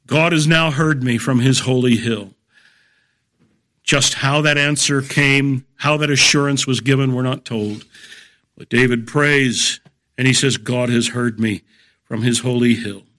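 A middle-aged man giving a measured, emphatic Bible lecture, explaining a psalm verse by verse. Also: medium pitch, pushed and bright. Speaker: Bible teacher.

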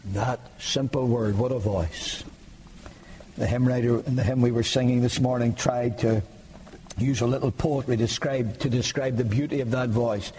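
A man preaching a sermon, emphatic and rising to impassioned high peaks. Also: steady tone, normal speed, warm tone, slight background noise, low-quality recording.

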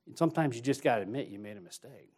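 A man preaching in a church, mid-pitched and plain-voiced. He tells his own story in a loose, conversational way, then pushes harder as he exhorts the congregation. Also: animated, racing, a little mellow, husky. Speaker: associate pastor. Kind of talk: sermon with personal story.

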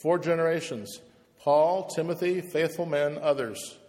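A man's voice: on the high side, a little slow, a little mellow, in a large hall. A man preaching a passionate, emphatic sermon to a room of pastors, hammering points home by repeating words. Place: church, speaking to pastors in the room.

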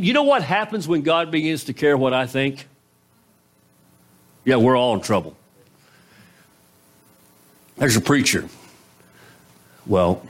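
A pastor preaches a sermon in a conversational manner, putting rhetorical questions to his congregation. His pitch swings back and forth between raised and low.

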